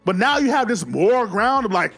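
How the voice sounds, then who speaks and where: A man giving a casual, animated movie recap, swearing freely and acting out the scenes as he goes. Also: high voice, a little fast, husky, soft background music. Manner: animated, profane, acts out scenes. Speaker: film reviewer.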